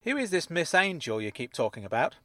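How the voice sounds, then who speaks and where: A man voicing a sharp-tongued middle-aged woman fraudster who speaks in a measured, wry way. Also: on the high side, sing-song, dry recording, studio quality, voice pushed up.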